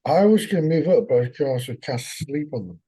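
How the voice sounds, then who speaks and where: A man playing in a tabletop role-playing session, talking casually in a halting, unsure way. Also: fairly high pitch, lively intonation, warm tone, breathy edge, poor audio. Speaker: player. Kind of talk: casual tabletop play chat.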